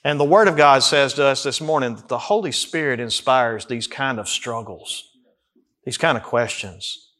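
A man preaching a sermon as a pastor, rising to near-shouts and dropping low as he voices the psalmist's cries. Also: normal speed. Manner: acts out the psalmist's cries in first person.

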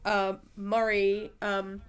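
A woman's voice: mid-range voice, completely flat delivery, very slow, clear, resonant tone. A woman co-hosting a podcast, chatting casually and giggling through a film review with lots of fillers. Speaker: podcast co-host.

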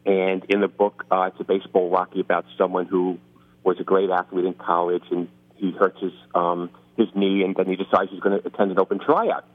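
A man's voice: low-pitched, flat delivery, a little fast. Bronx-accented man on a phone line. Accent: New York. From New York, the Bronx. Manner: chatty, self-deprecating, frequent restarts. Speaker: author guest. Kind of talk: casual interview talk.

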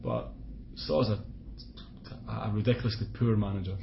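A Scottish man co-hosting a casual football podcast, chatty and quick to laugh, with blunt opinions. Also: on the low side, steady tone, vocal fry, background noise. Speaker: podcast co-host. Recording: dull lo-fi podcast audio.

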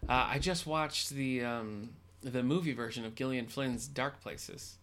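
A man's voice: mid-range voice, measured pace, a bit bright. A man co-hosting a library podcast in casual chat, hesitant with many restarts.

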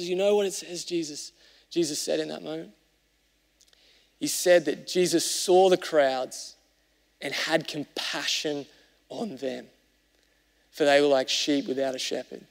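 A man preaching a sermon as a pastor, talking conversationally and moving between raised emphasis and hushed, reflective passages. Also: high voice, a little slow, vocal fry. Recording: long hall reverb.

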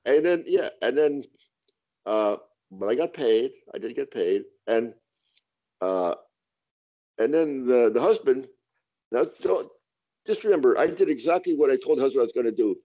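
A man's voice: medium pitch, expressive, moderate pace, pauses often, lo-fi sound. A man, a stand-up comedian, telling a profane story in casual podcast talk, acting out the quotes.

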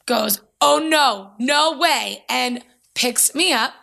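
A woman's voice: sits high, slow, gravelly, pushed and bright. A young woman telling a story in casual chat, acting out the voices of the people she quotes.

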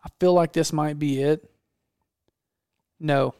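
A man's voice: a little high, fairly even intonation, slow pace, a little mellow, clean tone, no echo, studio quality. A man hosting a casual chat, talking with enthusiasm and often restarting his sentences. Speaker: podcast host.

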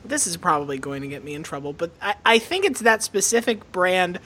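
A man's voice: high voice, lively intonation, brisk, bright, forceful tone, husky. Hesitant man, casual podcast chat. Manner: thoughtful, hesitant, restarts often. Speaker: podcast co-host.

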